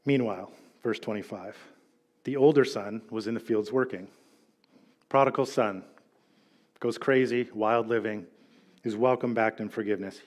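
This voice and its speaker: A middle-aged male pastor giving a sermon, telling a story with animated delivery and acted-out quotes. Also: medium pitch.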